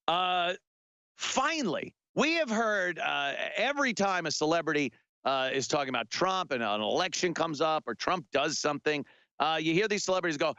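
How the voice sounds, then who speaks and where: A man's voice: fairly high pitch, lively intonation, moderate pace, pushed and bright, no room sound, dull audio. A man hosting a talk radio show, delivering a sarcastic, rambling monologue with lots of filler words.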